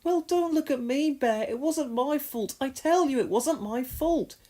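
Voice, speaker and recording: Woman voicing a small male mouse, very high and squeaky, spluttering, indignant, storybook. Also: expressive, unhurried, dark tone. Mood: stubborn.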